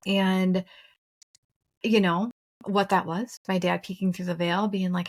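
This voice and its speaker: A woman's voice: mid-range voice, steady tone, a little slow. Earnest chatty woman in her thirties. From Minnesota. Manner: earnest, chatty, with playful asides. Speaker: podcast co-host. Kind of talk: personal spiritual storytelling.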